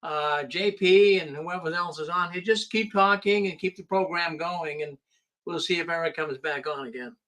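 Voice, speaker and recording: A man steering the show in a halting way, telling the others to keep the program going. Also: fairly high pitch, bright, forceful tone. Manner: directing, halting. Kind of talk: casual call-in chat.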